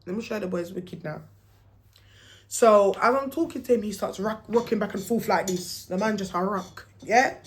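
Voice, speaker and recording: A woman's voice: mid-range voice, moderate pace. Young woman telling a story. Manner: animated, acts out quoted dialogue, slangy. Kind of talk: casual storytime vlog.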